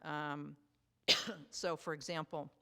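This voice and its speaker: Low-voiced woman leading a Bible study. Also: flat delivery, takes it slowly, gravelly, pushed and bright. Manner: conversational, with many fillers and restarts. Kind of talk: casual Bible study talk.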